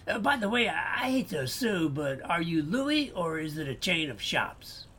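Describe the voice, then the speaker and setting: A man with a Boston accent playing a customer who pitches items persuasively. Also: very animated, moderate pace, pushed and bright, breathy edge, heavily acted. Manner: salesy, persuasive. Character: friendly male customer selling a clock.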